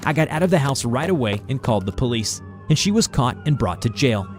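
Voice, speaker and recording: A man narrating a first-person horror story in a lively storytelling manner. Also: mid-range voice, brisk. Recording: faint music behind the voice.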